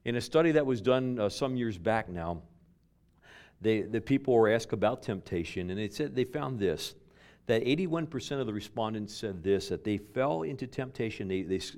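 A pastor delivers a sermon, his mid-range voice animated at a normal pace. He tells stories full of repeated words and restarts, swinging from loud emphasis down to hushed near-whispers.

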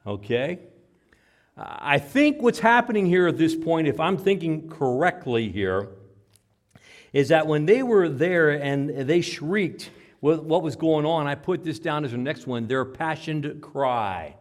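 Animated storytelling male preacher. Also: a little high, a little slow. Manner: dramatic storytelling, acts out shouts and whispers. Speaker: pastor. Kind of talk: sermon.

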